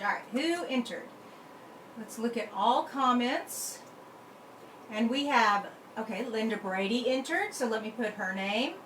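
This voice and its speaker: Chatty woman in an echoey room. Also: on the high side. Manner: chatty, talks to herself while working the computer. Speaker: card-making channel host. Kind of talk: casual live stream chat. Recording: echoey room with faint background noise.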